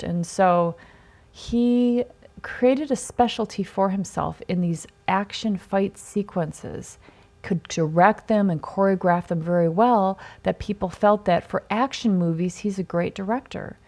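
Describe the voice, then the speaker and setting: A woman hosting a podcast, telling a story casually in a chatty, animated way and acting out quoted dialogue. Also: mid-range voice. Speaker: podcast host.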